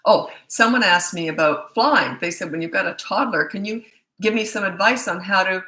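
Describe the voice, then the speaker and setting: A woman's voice: medium pitch, moderate pace, pushed and bright, reverberant, low-quality recording. A middle-aged woman parenting coach answering viewer questions in a casual live Q&A. She talks bluntly and loses her thread, and her voice is getting worn and tired. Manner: blunt, casual, loses track mid-thought. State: losing her voice.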